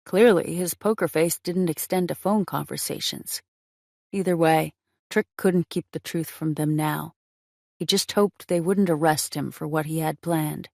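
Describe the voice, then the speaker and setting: A woman narrating a romance audiobook in a measured, expressive reading on a close mic. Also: deep voice, no echo.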